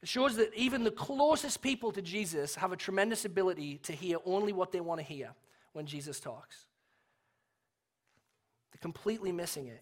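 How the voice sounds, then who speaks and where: A young adult pastor from England preaches a sermon in a relaxed, conversational, storytelling style with self-deprecating humor. He has an English accent and a high-pitched voice.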